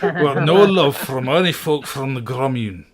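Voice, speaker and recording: A man voicing a gruff, suspicious male dwarf in a Scottish accent, curt and dismissive with old-fashioned wording, in improvised tabletop role-play. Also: medium pitch, lively intonation, a little slow, a loud crowd, lightly acted.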